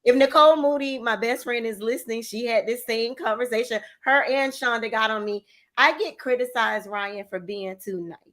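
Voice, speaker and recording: A woman hosting a talk show, chatting in a lively, expressive way. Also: on the high side, moderate pace.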